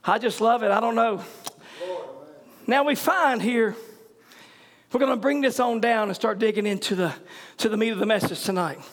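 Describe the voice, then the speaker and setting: A man preaching a revival sermon to his church. He shouts in fervent surges and breaks into hallelujahs, then drops low and quiet to tell the story. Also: normal speed, long pauses.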